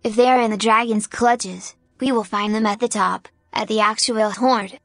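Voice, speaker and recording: A timid young zebra filly speaks in a soft, hesitant voice that keeps trailing off mid-thought, as a woman reads her lines. She sounds unsure of herself, her words small and careful. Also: on the high side, fairly even intonation, moderate pace, dry recording. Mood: timid, sad.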